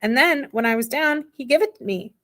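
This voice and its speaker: A woman reading the part of a small, homely father who explains things slowly in plain, ungrammatical speech. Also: high-pitched, expressive, bright, forceful tone, pitched above the performer's own voice. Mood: soothing. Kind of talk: audiobook character reading.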